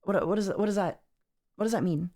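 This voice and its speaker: A woman's voice: mid-range voice, fairly quick, dark tone. A woman streamer reacting on a live stream, rambling and exasperated, repeating herself as she talks. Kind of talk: casual livestream commentary.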